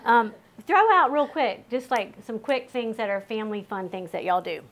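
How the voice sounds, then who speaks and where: A woman's voice: fairly high pitch, a bit bright. A woman leading a parenting group, talking casually, asking questions and laughing often. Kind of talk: casual teaching talk to a small group.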